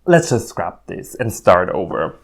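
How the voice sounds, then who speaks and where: A man's voice: deep voice, big pitch swings, measured pace, gravelly, slightly rough. A man filming a rambling, self-mocking vlog on his phone at home, talking at a table of plants with many ums. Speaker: orchid hobbyist vlogger. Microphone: phone camera.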